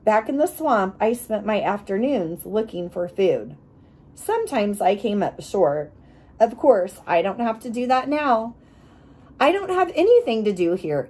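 A woman reading a children's chapter book aloud, expressive and acting out the sound effects. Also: medium pitch, slightly rough. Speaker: reader.

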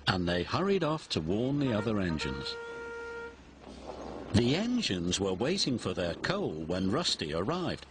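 A man narrating a children's read-along storybook in an expressive, dramatic way. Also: fairly low pitch, measured pace, background noise. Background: music.

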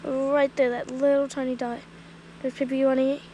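A woman with a high, bright voice narrates a casual family vlog outside in a rural yard. She talks chattily to her phone camera and eggs a dog on with eager calls. Faint background noise runs underneath. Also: moderate pace, rough recording. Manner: chatty, excitedly urging a dog on. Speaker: family vlogger. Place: outdoors in a rural yard and field. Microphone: handheld phone camera.

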